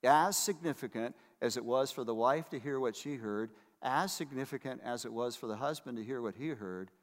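A man's voice: mid-range voice, moderate pace. An older man preaching a sermon as pastor, emphatic and repeating key phrases for weight. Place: church hall. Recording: reverberant hall.

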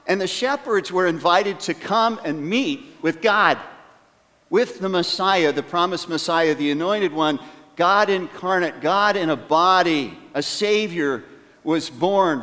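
Male pastor, fairly high voice, earnest sermon delivery, drawn-out emphasis, long church reverb. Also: fairly bright tone. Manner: earnest, emphatic, slows down on key phrases; asks the congregation rhetorical questions.

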